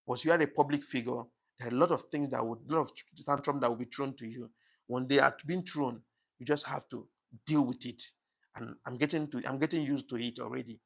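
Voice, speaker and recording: Male livestream host, gravelly voice, thankful and apologetic, emotional, casual chat. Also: medium pitch, fairly even intonation, a little fast. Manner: emotional, says things get to him easily. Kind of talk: casual live-stream chat reading comments.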